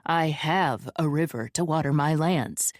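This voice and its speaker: A woman voicing a blunt, scornful young man who speaks flatly and bluntly. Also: sits low, a little slow, no echo, studio quality.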